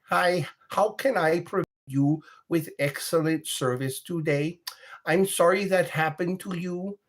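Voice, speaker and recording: A man's voice: on the high side, unhurried, voice pushed up. A man imitating a young female support agent with a Russian accent works through polite, canned phrases. The voice sits a little above his own. Her courtesy sounds rehearsed. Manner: scripted customer-service courtesy.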